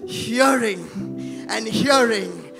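A male pastor preaching a sermon in church, swinging between shouting and hushed tones. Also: high-pitched, expressive, extremely slow, creaky, over music.

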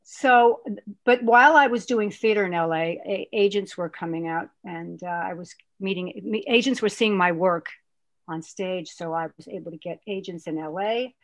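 A woman guest, an actress, chatting and telling stories in an animated way, with a lot of restarts. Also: lowish voice, moderate pace, no echo. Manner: animated, rambling storyteller with many restarts. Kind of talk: casual interview chat.

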